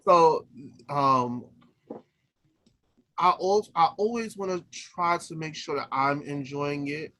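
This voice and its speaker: A man's voice: fairly high pitch, slow, pauses often, bright, forceful tone. A man who is an opera singer, co-hosting a podcast in casual chat, laughing easily and trailing off and restarting as he tells stories. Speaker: podcast co-host.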